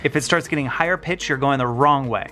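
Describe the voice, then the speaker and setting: A man's voice: medium pitch, fairly quick. A man hosting his own channel, casually walking viewers through a hands-on guitar tutorial in his home workshop, explaining step by step. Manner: relaxed, explains step by step, some restarts. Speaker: guitar builder and channel host.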